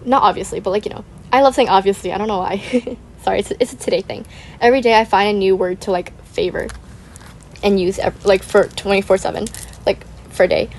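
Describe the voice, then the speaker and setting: A woman's voice: mid-range voice, a little fast, a little mellow, a little hiss or hum. A young woman hosting a gaming channel, rambling in casual chat, saying "like" constantly, giggling and apologizing.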